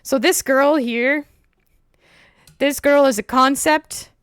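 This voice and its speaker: A woman's voice: high voice, slow, no echo, clean studio sound. A woman hosting a livestream, chatting casually and telling stories with lots of laughter. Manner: laughs often, animated storytelling. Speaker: streamer host.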